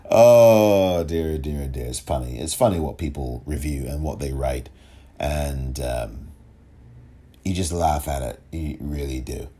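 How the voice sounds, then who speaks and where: Extremely low, warm and husky, this man's voice moves slowly with many pauses as he talks alone on his own podcast. His commentary leans on forceful rhetorical questions, and now and then his words get tangled.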